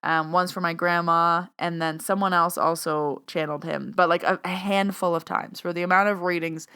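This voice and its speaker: A woman's voice: lowish voice, fairly even intonation, moderate pace, pushed and bright, clear, resonant tone. A woman hosting a podcast, telling a personal story in a chatty way and often acting out both sides of a conversation. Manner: chatty, retells conversations with quoted dialogue. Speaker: podcast host and medium. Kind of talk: casual storytelling monologue.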